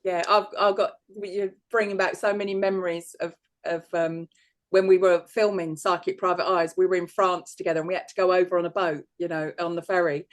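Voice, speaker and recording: A man's voice: sits high, flat delivery, a little fast. A man, a psychic medium, telling rambling stories in casual chat and laughing often.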